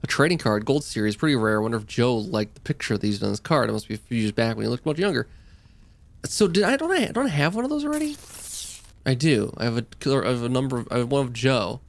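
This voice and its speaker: A man's voice: mid-range voice, very animated, fast talker, vocal fry. A man giving casual let's-play commentary, rambling and musing aloud as he plays. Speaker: gameplay host. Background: game music.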